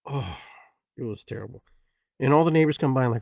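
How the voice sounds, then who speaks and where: A man's voice: mid-range voice, lively intonation, fairly quick, gravelly, dry recording. Brief: middle-aged male podcast host, rambling reflective storyteller, dry untreated sound. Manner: rambling, many "you know" fillers.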